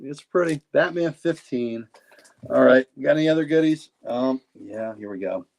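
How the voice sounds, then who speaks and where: At a moderate pace, a man with a gravelly, slightly mellow mid-range voice shows his comics to a livestream audience as a guest collector. His talk is casual, rambling and eager, full of repeated words.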